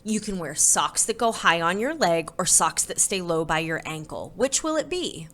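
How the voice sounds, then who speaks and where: A patient, encouraging storybook mother, read by a woman speaks calmly to her son. Her voice is bright and lively, rising with praise. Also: on the low side, normal speed. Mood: gentle. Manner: calm and encouraging, sometimes hushed.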